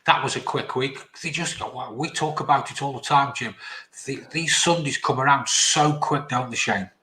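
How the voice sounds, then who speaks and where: A man's voice: medium pitch, moderate pace, sharp tone. A man hosting a live show, reading viewer comments in a chirpy, bantering way. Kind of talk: casual live-stream chat. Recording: roomy echo.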